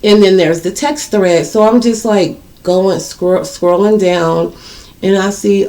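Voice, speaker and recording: A woman's voice: medium pitch, steady tone, slow, warm tone. A woman telling viewers a personal story in a casual, blunt, profane way. She speaks to her audience directly and repeats words for emphasis. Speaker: storytime vlogger.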